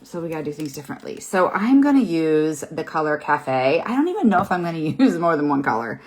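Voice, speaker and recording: Low-voiced chatty woman in her fifties. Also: very animated, a little fast, darkish tone. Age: 50s. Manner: chatty, encouraging, rambling with fillers. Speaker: makeup seller and host. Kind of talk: live makeup tutorial, casual chat. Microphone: phone or webcam in front of her.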